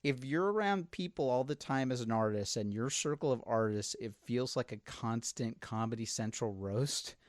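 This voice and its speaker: Man, podcast host, animated storyteller, mid-pitched voice, dry close sound. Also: normal speed, few pauses, dry recording. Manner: animated storyteller, acts out quotes. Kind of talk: casual chat.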